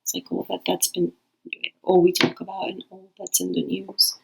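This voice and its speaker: Her voice runs low, monotone, gravelly, husky, and fairly bright, at a moderate pace over poor audio. This tarot reader rambles casually to camera for her channel's viewers, frequently restarting.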